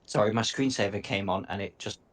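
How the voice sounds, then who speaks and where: A man's voice: lowish voice, fairly quick. A man narrating a tabletop game as game master, casual and easygoing.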